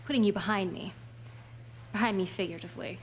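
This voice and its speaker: A woman's voice: mid-range voice, quick pace, slight background noise, close to an everyday voice. An actress playing a blunt, awkward young woman in a TV drama, speaking matter-of-factly. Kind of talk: TV drama clip.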